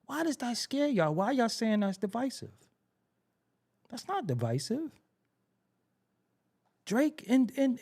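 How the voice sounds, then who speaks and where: A man's voice: extremely high pitch, darkish tone. A man hosting a podcast, ranting in heated commentary, hammering phrases again and again and firing rhetorical questions. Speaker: podcast host.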